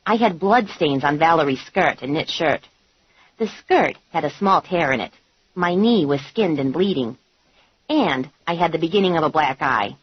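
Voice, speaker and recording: A woman reading a comic novel in the first person, with a wry, animated delivery. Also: low voice, normal speed, breathy edge, dry recording. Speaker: audiobook narrator. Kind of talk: scripted audiobook narration. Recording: dull, dry lo-fi recording.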